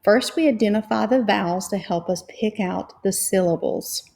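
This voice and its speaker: A woman reading teacher leading a phonics lesson, spelling out letters and sounding out syllables slowly and patiently. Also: medium pitch, gravelly, a little mellow. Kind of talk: slow, clear phonics lesson.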